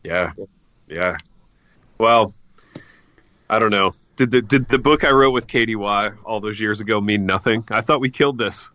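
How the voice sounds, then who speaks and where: Joking podcast co-host man, bright tense voice. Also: lowish voice, normal speed, long pauses, no room sound. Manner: joking, calls co-hosts "baby". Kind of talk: casual comedic banter. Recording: dull, lo-fi dry sound.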